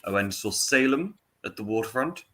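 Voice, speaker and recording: Man, podcast co-host, low voice, bright forceful tone, dry humour. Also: expressive, fairly quick. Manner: laid-back, sweary, dry humour. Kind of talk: casual podcast chat.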